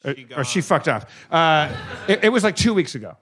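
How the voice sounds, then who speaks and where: A man co-hosting a comedy podcast, telling a story in a lively, laughing way with lots of stammered restarts. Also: on the high side, a little fast, slight background noise. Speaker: podcast co-host.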